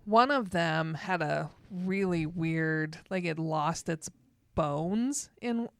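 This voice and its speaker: A woman's voice: deep voice, slow, gravelly, smooth, no room sound, clean studio sound. A woman co-hosting a podcast, chatting casually and telling joking stories. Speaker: podcast co-host. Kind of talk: casual chat.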